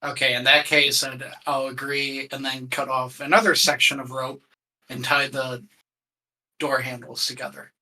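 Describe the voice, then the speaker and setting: A man's voice: medium pitch, little pitch movement, moderate pace, bright, forceful tone, poor audio. A man playing a tabletop game, easygoing and planning his moves aloud with small restarts. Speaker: player. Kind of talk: casual tabletop game play.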